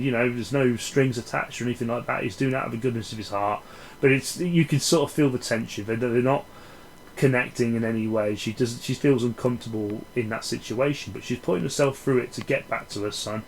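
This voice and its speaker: Englishman reviewing films, profane and sardonic, rambling delivery, average pitch. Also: a little fast, slight background noise, poor audio. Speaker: film reviewer. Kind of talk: casual ranting film review.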